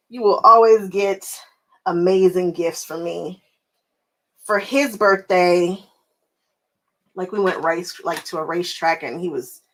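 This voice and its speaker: A woman hosting a casual crafting live stream, chatting with viewers while she sews, animated and often laughing, repeating phrases for emphasis. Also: on the low side, rough recording. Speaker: quilting live stream host. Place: home sewing room.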